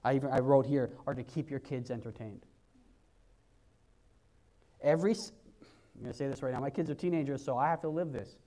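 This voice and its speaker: A man's voice: mid-range voice, brisk, pauses often, dark tone, poor audio. A man in his forties preaching a sermon as a pastor in a church, exhorting his listeners and repeating phrases for emphasis. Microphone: handheld mic.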